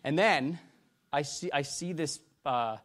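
A middle-aged man preaches about his own experience in a fairly high voice. His testimony halts and wanders with lots of restarts, swinging from loud bursts to quiet retelling.

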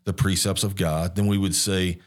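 A man with a fairly low voice co-hosts a casual faith-based podcast. He feels his way through his points, stopping often to restart a phrase or fill a pause. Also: little pitch movement. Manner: hesitant, many restarts and fillers. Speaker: podcast co-host.

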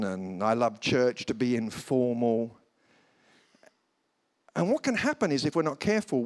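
A man preaching a humorous sermon at a church service, telling stories and slipping into comic voices. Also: medium pitch. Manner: animated storytelling, slips into comic voices. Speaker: guest preacher. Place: church service before a congregation.

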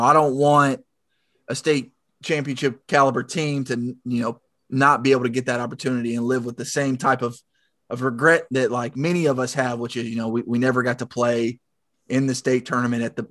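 A man's voice: mid-range voice, fairly bright tone, no room sound. Chatty Southern man, dry close sound. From Tennessee. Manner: chatty, self-deprecating, stumbles over words. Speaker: podcast co-host. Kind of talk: casual sports chat.

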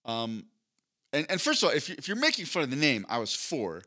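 Bright-voiced man telling a story. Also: quick pace. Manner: animated, acts out his childhood self in a high voice. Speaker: podcast co-host. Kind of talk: casual storytelling chat.

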